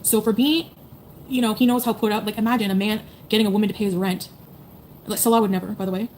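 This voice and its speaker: Woman, casual livestream chat, rambling and profane, rapid-fire, faint room noise. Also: medium pitch, steady tone, a little mellow. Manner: blunt, profane, rambling with many "like"s and "you know"s. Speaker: streamer talking to chat.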